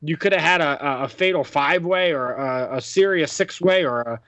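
A fairly high-pitched, slightly bright male voice comes at a moderate pace, dull in quality but free of echo. He's an American podcast host chatting loosely about wrestling, rambling with many fillers and restarts.

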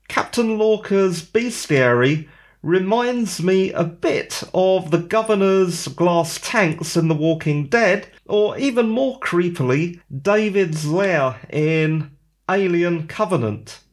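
A man hosting a solo podcast, giving opinionated, conversational commentary with rhetorical questions. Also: high-pitched. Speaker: podcast host.

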